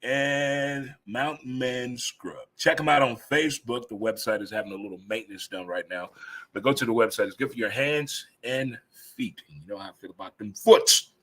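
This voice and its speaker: A man's voice: mid-range voice, moderate pace, fairly bright tone. A man in his fifties hosting a casual live chat show, joking and laughing easily as he talks. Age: 50s. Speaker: host.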